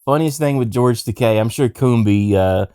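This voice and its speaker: A man's voice: mid-range voice, moderate pace, dark tone, smooth, dry recording, studio quality. A man hosting a comedy podcast, telling rambling stories with crude jokes in casual chat. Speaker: podcast host.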